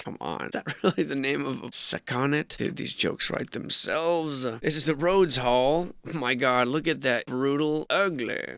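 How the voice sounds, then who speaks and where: A young man talking in a casual, jokey way, with lots of "dude" and "bro" and frequent laughter. His voice is bright and gravelly, with a clear, smooth tone. It sounds dry and close to the mic. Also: medium pitch, no echo. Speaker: host. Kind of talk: casual commentary.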